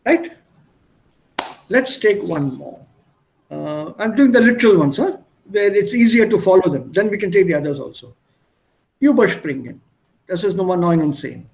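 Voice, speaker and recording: A man's voice: high voice, expressive, normal speed, gravelly, long pauses, a little mellow. A man teaching German in an online one-on-one lesson over a video call, patiently explaining by repeating synonyms. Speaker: German tutor.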